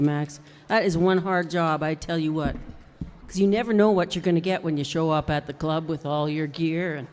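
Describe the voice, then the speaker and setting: A woman singer-songwriter chatting on stage between songs, telling stories and acting out what people said. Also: on the low side. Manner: expressive storytelling, acting out quotes. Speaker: singer-songwriter performing live. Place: music club, live show. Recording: reverberant live club sound with guitar.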